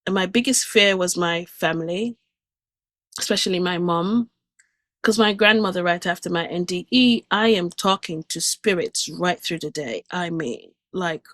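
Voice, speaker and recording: A woman's voice: lowish voice, moderate pace, fairly bright tone, no echo. Earnest woman telling a spiritual story. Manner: earnest and emotional, vivid retelling with restarts. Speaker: guest speaker sharing a near-death experience. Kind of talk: personal testimony storytelling.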